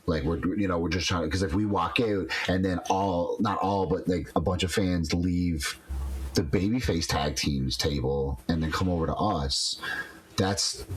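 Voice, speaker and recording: A man co-hosting a podcast, a wrestler telling stories in casual chat, animated, with many restarts. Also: low-pitched, normal speed, breathy edge.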